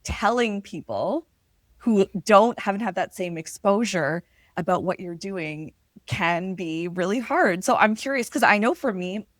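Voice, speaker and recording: A woman's voice: medium pitch, lively intonation, unhurried, dry recording. A woman hosting a podcast interview, chatting casually and affirming her guest before asking questions. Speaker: podcast host.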